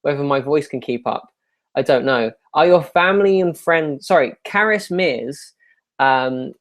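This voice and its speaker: A man's voice: on the high side, unhurried, a bit bright. A young man with a self-deprecating, rambling manner, chatting casually while answering viewer questions live. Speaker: YouTuber hosting a live Q&A.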